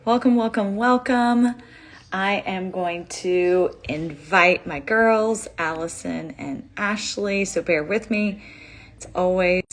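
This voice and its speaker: A woman's voice: on the low side, slow, fairly bright tone. A young woman from Indiana hosting a casual live stream on a video call, bubbly and chatty, often laughing.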